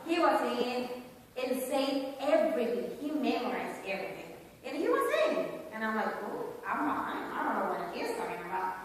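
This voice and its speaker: Woman church teacher, high voice, lively, miked from far off in a big echoing room with noise behind. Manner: lively, acts out children's voices in quotes. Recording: echoey hall from far off with noise.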